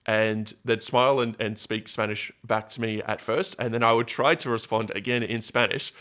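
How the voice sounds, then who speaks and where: A man's voice: fairly low pitch, fairly even intonation, moderate pace, a bit bright. A man talking to camera in a rambling, self-correcting solo commentary, drifting into anecdotes. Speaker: political commentator.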